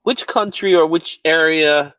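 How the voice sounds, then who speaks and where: A man's voice: fairly high pitch, a little slow, fairly bright tone, clear, resonant tone. A man chatting animatedly on a video call from a car, with stammering restarts. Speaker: panelist. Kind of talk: casual panel chat. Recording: dull, dry lo-fi call audio.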